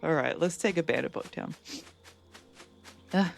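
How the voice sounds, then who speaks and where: A woman's voice: low-pitched, a little slow, creaky. A woman streaming a game at home, chatting casually with her viewers and laughing easily. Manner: chatty, reads out and answers chat, laughs easily. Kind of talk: casual live-stream chat while gaming.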